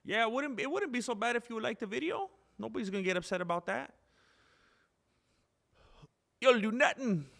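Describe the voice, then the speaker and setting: A man's voice: extremely high pitch, lively intonation, quick pace, creaky, hardly any pauses, a bit bright. A man hosting a live stream in casual chat, rambling, reading viewer names aloud and correcting himself as he goes.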